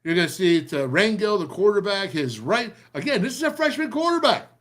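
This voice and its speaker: A middle-aged man hosting a show, excitedly breaking down football game film in a rambling, pumped-up way. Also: high voice, brisk.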